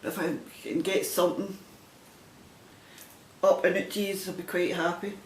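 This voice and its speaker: On her video podcast, a Scottish woman chats casually and rambles a bit while showing off her crafting projects, in a chatty, self-deprecating, meandering show-and-tell style. Her pitch barely moves and she speaks at a normal speed. The recording has a roomy echo and a faint rumble.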